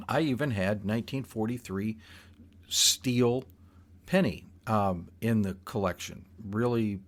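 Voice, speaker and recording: An older man telling a personal story in a rambling, halting way, with frequent restarts. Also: on the low side.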